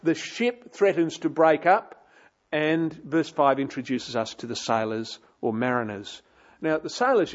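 Aussie preacher guy telling a bible story, kinda high voice, dull lo-fi recording. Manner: expository, dramatic, with rising and falling emphasis. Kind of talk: sermon.

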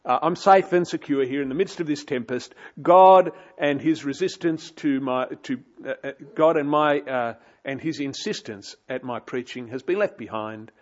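A man preaching voices the inner thoughts of a runaway prophet, halting and self-assured. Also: medium pitch, muffled recording, lightly acted. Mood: smug. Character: runaway prophet, adult man, smug and evasive.

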